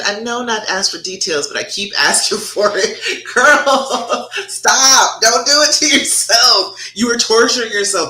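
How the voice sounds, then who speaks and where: A woman's voice: lowish voice, sharp tone. A woman love coach giving frank, sassy relationship advice on a livestream and answering viewer comments. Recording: echoey room.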